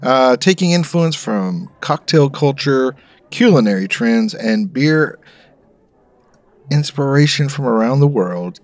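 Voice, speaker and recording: Casting note: a man co-host who reads text aloud in a lively, swinging voice and makes wry jokes between lines. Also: mid-range voice, no echo. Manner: joking, dry asides. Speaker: podcast co-host. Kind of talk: casual chat, reading aloud.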